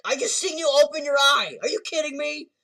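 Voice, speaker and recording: A man voicing a stunned adult male soldier who shouts in disbelief. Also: extremely high pitch, fairly quick, creaky, distant mic, voice pushed up, full character voice. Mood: incredulous.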